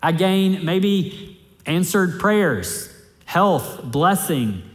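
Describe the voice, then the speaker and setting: A man's voice: high-pitched, animated, very slow. Man preaching in a reverberant hall. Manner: conversational preaching, repeats key phrases for emphasis. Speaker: pastor. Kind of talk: sermon.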